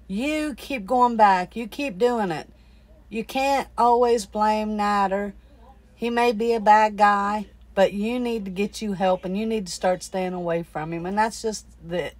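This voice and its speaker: A woman's voice: mid-range voice, no room sound. A woman host bluntly telling her guest to get help and stay away. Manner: blunt, scolding advice. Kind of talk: casual chat.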